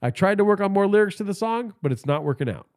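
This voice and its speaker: A man's voice: high voice, expressive, fast, a little mellow. A man hosting a podcast livestream, telling stories in a casual, profane and rambling way, talking into a phone held in his hand, with a stuffy nose. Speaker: podcast host.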